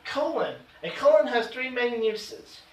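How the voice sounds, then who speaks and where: A man teaching an adult education grammar lesson, slowing down to read out example sentences with emphasis. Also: very high-pitched, expressive. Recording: echoey room, voice from far off.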